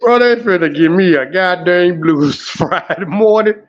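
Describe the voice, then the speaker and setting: A man hosting an emotional live stream, animated, groaning and exclaiming as he talks. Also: sits high, a little slow, muffled recording. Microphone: home streaming setup.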